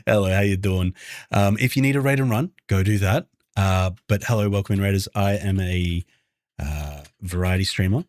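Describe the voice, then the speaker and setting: Hushed, low-voiced Australian man streaming. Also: moderate pace, dry recording, studio quality. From Brisbane, Australia. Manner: keeps his voice hushed and low so the game won't hear him; chatty and playful, greeting viewers by name. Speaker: variety streamer and game developer. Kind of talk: casual livestream chat with viewers.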